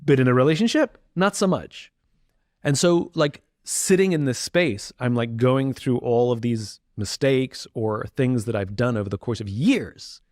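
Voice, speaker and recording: A man's voice: medium pitch, a little slow, a little mellow, no room sound. Candid reflective man, dry studio sound. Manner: reflective, candid, frequent restarts and fillers. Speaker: interview guest. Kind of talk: candid conversational interview.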